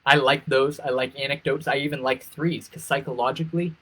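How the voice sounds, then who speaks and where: A pageant interview coach, male and energetic, runs a live stream for contestants at a slightly fast clip. Key phrases get repeated for emphasis, his pitch swoops to show emotions, and the recording is low quality.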